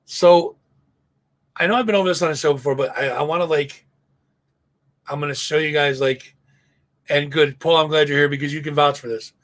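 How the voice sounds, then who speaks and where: Hoarse, rambling male stream host. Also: on the high side, fairly even intonation, a little fast, long pauses, fairly bright tone. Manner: rambling, profane storytelling with chat asides. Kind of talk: casual live-stream chat.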